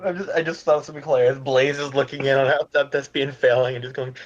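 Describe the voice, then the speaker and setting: A man's voice: mid-range voice, steady tone, dry recording, lo-fi sound. A man playing a tabletop game, chatting casually and cracking jokes. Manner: joking, quick asides. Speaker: player. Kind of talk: casual chat.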